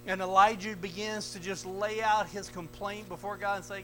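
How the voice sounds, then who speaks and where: A man preaching a sermon, swinging from loud, raised retellings of scripture to low, quiet asides, with an American accent. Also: steady tone, normal speed, few pauses, poor audio. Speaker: pastor. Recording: mains hum behind the voice.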